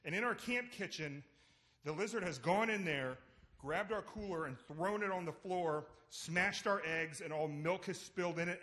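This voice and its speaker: A man telling an animated comic story on a theater stage. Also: a little high. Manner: animated, swings into acted quotes. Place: theater stage before an audience.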